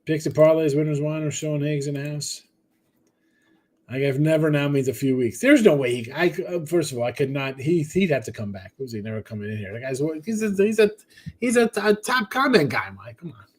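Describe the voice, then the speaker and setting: His voice a little high, expressive, and fairly quick, a man hosts a sports betting podcast, casually going through viewer comments. He's tired and yawning from a short night, rambling in an offhand way and speaking to chat by name.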